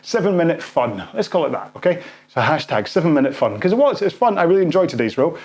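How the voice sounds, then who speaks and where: A man's voice: on the high side, very animated, fast, darkish tone. A man coaching a follow-along rowing workout while rowing himself, out of breath, counting strokes and encouraging.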